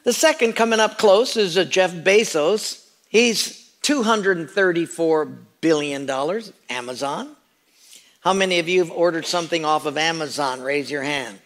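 A man's voice: fairly high pitch, moderate pace, fairly bright tone. A man preaching a Christmas sermon as pastor, joking with his congregation in a conversational way. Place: church sanctuary.

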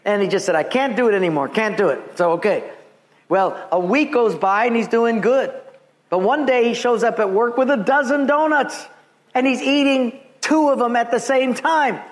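A man's voice: extremely high pitch, moderate pace. A male pastor preaching a sermon, telling stories with humor and acting out the people in them. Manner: storytelling with humor and acted quotes.

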